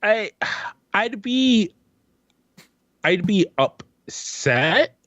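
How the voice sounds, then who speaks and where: A man's voice: high-pitched, very animated, drawn-out words, fairly bright tone, no room sound, lo-fi sound. A man joking around as co-host in a casual chat, laid-back and easygoing.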